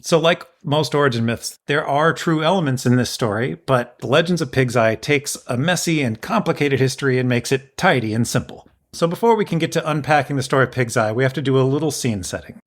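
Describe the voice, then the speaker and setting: A man's voice: mid-range voice, brisk, few pauses. A man hosting a podcast, telling a history story in a casual, wry and explanatory way. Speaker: podcast host.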